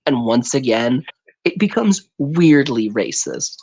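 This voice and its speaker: On a live stream, a man chats casually from a home microphone, rambling, tripping over his words and slipping into put-on voices. His mid-range voice is expressive and slow, with a darkish tone and the highs cut off.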